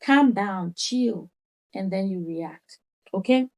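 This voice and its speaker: A woman's voice: medium pitch, slow pace, a little mellow. A woman lifestyle coach giving a motivational talk, repeating her points for emphasis and acting out quotes. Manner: acts out others' words in quoted asides.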